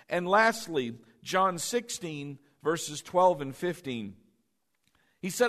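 A pastor preaching a sermon, emphatic and repetitive, putting questions to the congregation. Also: male voice, high-pitched, animated, a little slow, a bit bright. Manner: emphatic, repeats key phrases, asks the congregation questions. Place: church hall with a congregation. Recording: long hall reverb.

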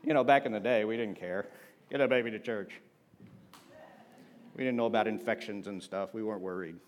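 A man's voice: lowish voice, fairly quick. A man preaching a sermon in a conversational, humorous way, often asking the congregation for an amen. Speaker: pastor.

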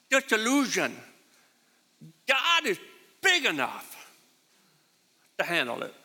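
Animated preacher in an echoing hall. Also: male voice, sits high. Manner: repetitive, emphatic, animated. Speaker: pastor. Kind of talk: sermon. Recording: reverberant hall.

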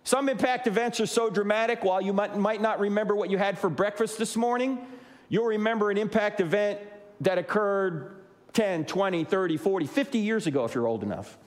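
In a big-sounding room, a New Jersey man in his sixties gives a humorous Christian apologetics talk to a live audience. His voice is high-pitched and a little fast. He's an animated storyteller who acts out the dialogue in his stories.

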